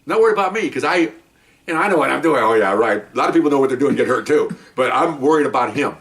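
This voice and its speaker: A man, a former police officer, telling a story in a casual, animated way and acting out the people in it. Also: mid-range voice, fast talker, far from the mic. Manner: animated, acts out quotes with rising voice.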